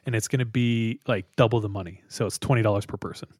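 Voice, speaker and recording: A young man hosting a podcast, telling a travel story in a casual, animated way, laughing often and acting out the people in it. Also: lowish voice, fast talker, no room sound, clean studio sound. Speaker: podcast host. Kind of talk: casual storytelling among friends.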